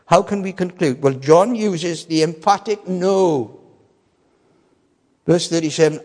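A man preaching a sermon with emphasis, swinging between loud declarations and quiet asides. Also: on the high side, a little slow, long pauses. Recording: long reverb of a large hall.

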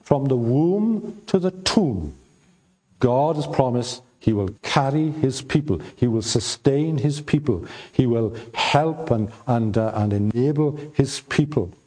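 An older man preaches at a slow, unhurried pace. He stumbles through fillers and restarts, then presses his points home by repeating them with emphasis. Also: medium pitch, animated, mellow. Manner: slow, halting delivery with many fillers and repeated words; emphatic repetition when reading scripture aloud. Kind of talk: sermon.

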